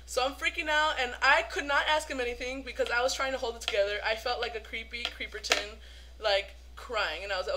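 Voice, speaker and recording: A young woman vlogging as a fan, telling a story in an excited, gushing way, full of "like" fillers. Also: high voice, fast, very noisy.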